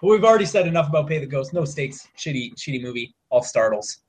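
A man's voice: a little high, lively intonation, quick pace. A young man co-hosting a podcast, ranting in casual, profane chat about bad movies. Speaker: podcast co-host.

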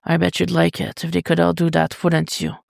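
A reader voicing a dominant but tender adult male lover in an audio story, speaking low and coaxing. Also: completely flat delivery, fairly quick, gravelly, no echo, studio quality. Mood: dark, coaxing.

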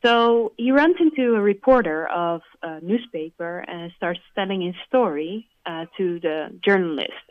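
A woman's voice: fairly low pitch, a little slow, no room sound, phone-quality sound. A woman co-hosting a language lesson, explaining words in a chatty way with many fillers. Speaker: co-host explaining English. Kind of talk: casual explanation.

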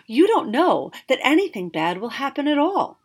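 A woman's voice: sits high, very animated, normal speed, voice pushed up. Woman reading as a mild motherly storybook dragon, soothing.

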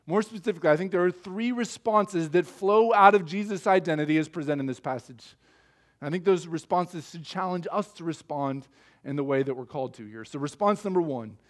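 A male pastor preaching a sermon in an emphatic, measured way, asking rhetorical questions. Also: a little high.

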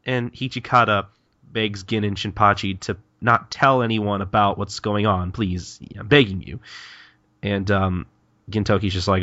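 Low, bright-toned man recapping a manga. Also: flat delivery, unhurried, dry recording, lo-fi sound. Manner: retells plot scenes, acting out quoted lines. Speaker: podcast co-host. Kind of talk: casual chapter recap chat.

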